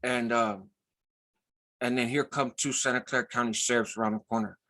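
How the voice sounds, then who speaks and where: A man's voice: medium pitch, steady tone, normal speed, bright, forceful tone. A man hosting his own channel, telling a story in a casual, blunt way, often checking in with "right?" and swearing freely. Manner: loose, conversational, tags lines with "right?". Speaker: host.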